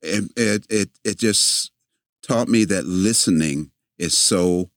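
A man guesting in a conversation, telling a story in an animated way, repeating words as he goes and acting out the lines of the people in it. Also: low voice, takes it slowly, dry recording, clean studio sound. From a city, with family in the American South.

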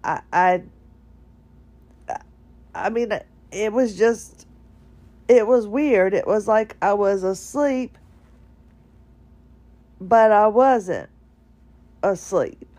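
A tired woman talks from her bedroom in a rambling, halting monologue full of restarts. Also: mid-range voice, mellow. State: tired, drowsy. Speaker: podcaster. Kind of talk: casual personal monologue.

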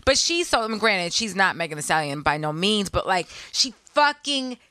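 Lively, bright-voiced woman co-host. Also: mid-range voice, moderate pace, dry recording. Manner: animated, profane, laughs often. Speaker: podcast co-host. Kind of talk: casual chat.

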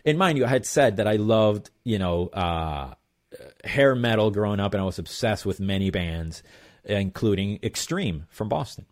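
A male percussionist, appearing as an interview guest, tells his story in a loose, rambling way full of fillers and "blah blah." His voice is lowish and animated, at a moderate pace.

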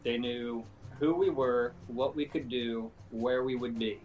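A man's voice: mid-range voice, steady tone, measured pace, a little mellow, lightly acted, rough recording. Man playing an empathetic, somber mercenary.

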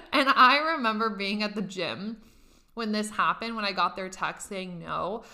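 Young woman, bright forward voice, candid and profane casual storyteller. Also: medium pitch. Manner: candid, profane, laughs often.

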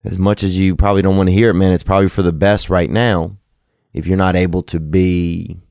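A man's voice: low voice, little pitch movement, a little fast, vocal fry, a little mellow, dry recording, studio quality. A man hosting a casual call-in podcast, rambling and joking crudely, then giving earnest advice. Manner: loose, rambling, crude jokes with sincere advice. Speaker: podcast host taking calls. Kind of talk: casual call-in show chat.

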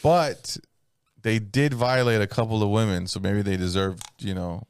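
A man's voice: on the low side, fairly even intonation, normal speed, smooth, no echo, studio quality. A young man, co-hosting a podcast and telling rambling, crude anecdotes with acted-out voices. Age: young adult. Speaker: podcast co-host, comedian. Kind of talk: casual chat, storytelling.

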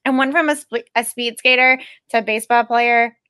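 Emphatic woman athlete, bright higher voice. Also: steady tone, fairly quick, smooth, no room sound. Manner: earnest, emphatic and determined. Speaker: Olympic speed skater, guest. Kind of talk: personal storytelling in a podcast interview.

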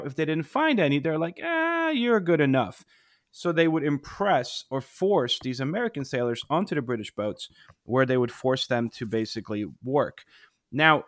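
A man co-hosting a history podcast, telling the story in a casual, animated way with many asides. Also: mid-range voice, no echo, clean studio sound. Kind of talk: casual explanatory chat.

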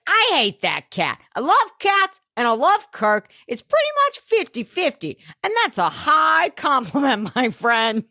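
A woman doing a squeaky, bubbly gossip neighbor. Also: wildly swooping pitch, unhurried, hardly any pauses, sharp tone, no room sound, clean studio sound, full character voice.

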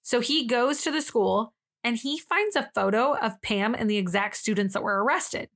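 A woman's voice: on the high side, animated, normal speed, fairly bright tone. A young woman co-hosting a true-crime podcast, telling the story casually with sarcastic asides and acting out what people said. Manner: sarcastic, acts out quotes in different voices. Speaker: podcast co-host.

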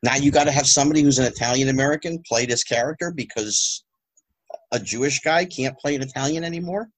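A man talking as a podcast guest, animated and rhetorical with exasperated asides. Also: medium pitch, fast talker. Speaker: guest, former child actor. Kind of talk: casual podcast conversation.

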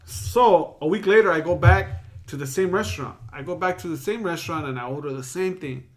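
Man co-hosting a casual podcast, rambling slangy storyteller, a bit higher-pitched. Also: brisk.

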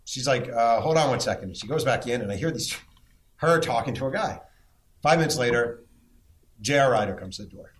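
A middle-aged man hosting a live podcast before an audience, telling lively stories and firing teasing questions. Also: mid-range voice. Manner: animated storyteller, teasing questions. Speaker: podcast host.

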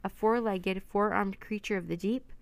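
Lady doing a pompous old professor, jolly, gravelly and lecturing from a storybook. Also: medium pitch, steady tone, moderate pace, no room sound, close to an everyday voice. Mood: jovial. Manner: lecturing, grandly formal. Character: portly older male professor, jovial and pompous.

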